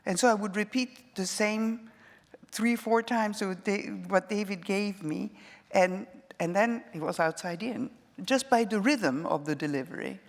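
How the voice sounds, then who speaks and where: A woman, an actress, speaking onstage in a thoughtful, measured way. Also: medium pitch. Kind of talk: onstage conversation. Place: auditorium stage. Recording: long hall reverb.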